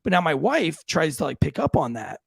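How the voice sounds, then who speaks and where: A man hosting a casual podcast chat, telling family stories and acting out quotes with lively jumps in his voice. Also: brisk, vocal fry, slightly rough, no echo. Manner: animated, acts out quotes with big pitch jumps. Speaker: podcast host.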